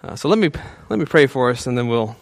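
A male pastor preaching a sermon in a relaxed, conversational way, with frequent fillers and small chuckles, dropping to a soft, hushed tone when he prays. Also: medium pitch, fast, gravelly.

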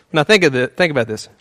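A man's voice: on the high side, no echo. Easygoing male preacher, dry close sound. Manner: relaxed, frequent "uh" fillers, chuckles at himself; soft, hushed tone when praying. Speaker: pastor. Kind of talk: conversational sermon.

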